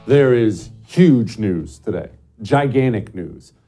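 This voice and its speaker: A middle-aged man hosting an opinion show, talking emphatically and swinging between loud bursts and low, muttered asides. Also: lively intonation, takes it slowly, soft background music. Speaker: show host. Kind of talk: opinionated commentary monologue.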